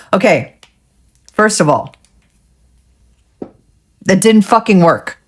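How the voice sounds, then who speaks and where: A woman's voice: fairly low pitch, a little slow, long pauses. A woman vlogger chatting casually through a nail art tutorial, getting frustrated and swearing at herself.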